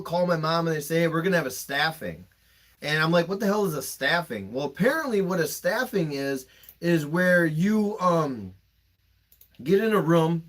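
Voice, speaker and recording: A man's voice: a little high, a bit bright. A young man with a slightly raised voice tells personal stories on a podcast. He talks candidly and emphatically, swears freely and gets openly emotional. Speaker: podcast host.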